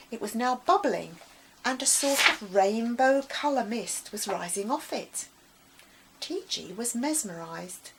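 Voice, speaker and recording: Expressive woman reading a children's story. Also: fairly high pitch, slight background noise, low-quality recording. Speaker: author reading her book.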